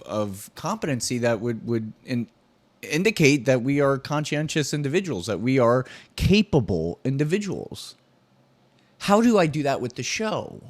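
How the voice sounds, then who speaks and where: Lively, rambling male podcast host. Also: mid-range voice. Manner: candid, rambling, profane, self-deprecating. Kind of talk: solo podcast monologue.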